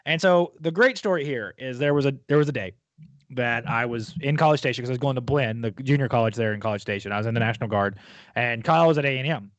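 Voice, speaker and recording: A man, co-hosting a podcast and telling stories in a joking way, repeating words in quick bursts. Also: medium pitch, no echo. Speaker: podcast co-host. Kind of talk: casual chat.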